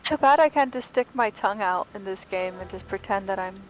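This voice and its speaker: A woman's voice: medium pitch, a little fast, a little hiss or hum, low-quality recording. Playful laughing woman on stream. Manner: laughs a lot, playful teasing reactions. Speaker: co-player on stream. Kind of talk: casual chat while gaming.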